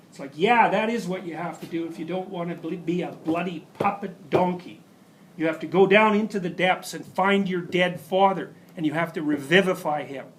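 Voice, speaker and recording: A man lecturing at a university, telling a story in an emphatic, animated way and often restarting his sentences. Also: sits high, moderate pace, a little hiss or hum.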